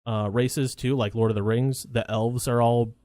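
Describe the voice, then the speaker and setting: A man's voice: mid-range voice, level tone, normal speed, warm tone, no echo, studio quality. A man co-hosting a podcast in casual movie chat, rambling and profane. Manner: rambling, profane, many restarts. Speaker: podcast co-host.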